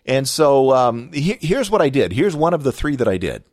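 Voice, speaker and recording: A man's voice: medium pitch, sing-song, moderate pace, darkish tone, dry recording, studio quality. A middle-aged man with a Southern California accent hosting a podcast, chatting casually in a rambling, folksy way with plenty of restarts. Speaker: podcast host. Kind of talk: casual personal chat with ad reads.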